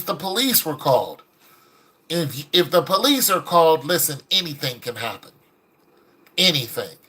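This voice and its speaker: A man giving casual, preachy commentary, acting out the people in the stories he tells. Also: a little high. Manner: animated, preachy, acts out quoted people. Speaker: video commentator.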